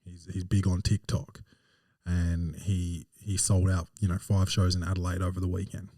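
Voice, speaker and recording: Man, low dark voice, rambling self-deprecating comic, dry room, slightly off-mic. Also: flat delivery, moderate pace, no room sound, far from the mic. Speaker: stand-up comedian and podcast host. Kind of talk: casual solo podcast monologue.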